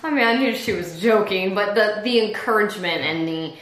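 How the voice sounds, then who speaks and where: Her mid-range voice moves fairly quickly as she recounts a personal story during a relaxed interview. Once a teacher and now a business owner, she's animated and performs the quoted dialogue of others, with the recording carrying room echo.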